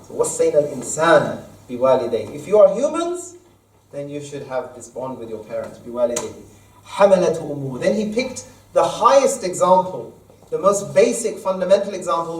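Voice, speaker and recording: This imam's Friday sermon comes in a somewhat high, slightly mellow voice, moving between Arabic verses and plain explanations of them. It was captured from afar in a reverberant mosque hall.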